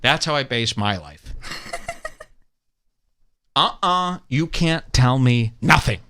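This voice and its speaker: A man's voice: mid-range voice, animated, slow, sharp tone, slight background noise. A man hosting a podcast in casual comedic chat, sarcastic and profane with a mock-tough manner. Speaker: podcast host.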